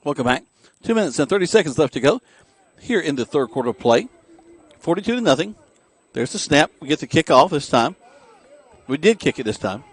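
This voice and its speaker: A man's voice: on the high side, big pitch swings, a little fast, long pauses, slightly rough. Man calling plays at an outdoor stadium. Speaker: play-by-play announcer. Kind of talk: high school football radio play-by-play.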